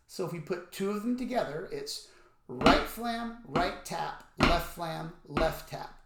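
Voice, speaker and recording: Here the same kind of drum lesson comes from a man whose creaky voice sits high, with a faint hiss or hum in the audio. He explains the technique and voices each stroke and count while playing, his sticks clicking loudly on a practice pad in an echoing room.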